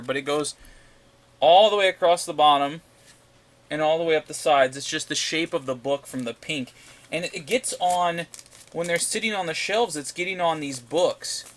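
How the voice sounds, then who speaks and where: Male vlogger, bright higher voice, rambling profane rant about comics. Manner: ranting, profane, repeats himself. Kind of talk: casual rambling vlog.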